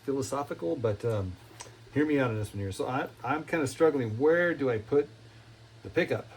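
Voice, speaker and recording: A man's voice: mid-range voice, a little hiss or hum, rough recording. A man with a folksy, rambling manner who often repeats himself, giving a casual step-by-step demonstration at his workbench in a home workshop. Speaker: cigar box guitar builder.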